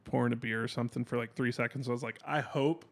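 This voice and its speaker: Fast-talking gravelly male co-host. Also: mid-range voice, completely flat delivery. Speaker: podcast co-host. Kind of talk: casual chat.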